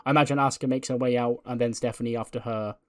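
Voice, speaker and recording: A man's voice: mid-range voice, fairly even intonation, rapid-fire, dry recording, studio quality. A man hosting a let's play, narrating a wrestling simulation game in a casual, chatty way and recapping the storylines.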